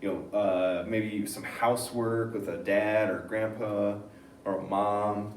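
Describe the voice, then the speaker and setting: A male teacher giving a reading lesson, reading passages aloud and thinking out loud about them. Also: on the low side, takes it slowly, a little hiss or hum. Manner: animated, switching between reading aloud and thinking aloud. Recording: roomy sound, mic at a distance, faint ambience.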